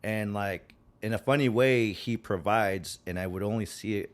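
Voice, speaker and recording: Low-ish voiced guy w/ a western twang, rambling podcast chat, likes acting out quotes. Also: moderate pace. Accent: American, Western twang. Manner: rambling, many fillers, acts out quotes. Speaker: podcast guest. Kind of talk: casual conversation.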